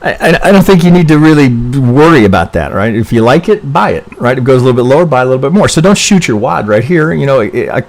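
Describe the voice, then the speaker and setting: A trading educator reviews charts on a casual live stream, thinking aloud at a quick pace with few pauses and a medium-pitched, very animated voice. He rambles, breaks off mid-sentence, tags lines with "right?" and swears mildly under his breath when things go wrong. Allergies leave him sounding congested.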